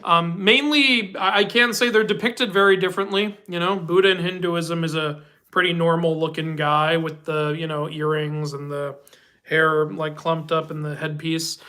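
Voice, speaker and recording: Bright-voiced chatty man hosting a stream. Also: on the high side, fairly even intonation, normal speed. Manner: chatty and rambling, laughs often. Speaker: host. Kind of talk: casual live-stream Q&A chat.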